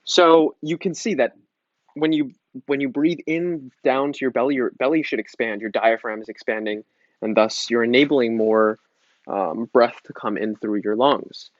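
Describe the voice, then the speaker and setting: A man guiding a casual yoga breathing lesson in a relaxed, chatty way, joking around and restarting his sentences. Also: mid-range voice, moderate pace, dry recording, dull audio. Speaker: yoga teacher.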